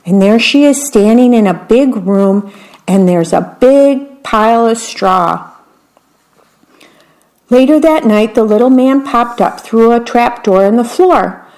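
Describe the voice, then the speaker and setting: A woman reading a children's story aloud, gentle and unhurried, adding her own asides. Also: fairly high pitch, rough recording.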